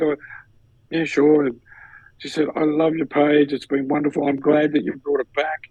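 A man's voice: on the high side, moderate pace, slightly rough, no echo, lo-fi sound. An Australian man co-hosting a podcast, telling a personal story in casual chat and acting out what others said. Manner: animated storyteller, acts out others' lines. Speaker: podcast co-host.

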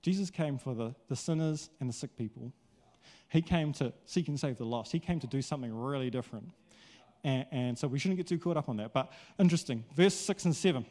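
A male pastor preaching a sermon in a casual, conversational, animated way, acting out quotes. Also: mid-range voice, fairly quick.

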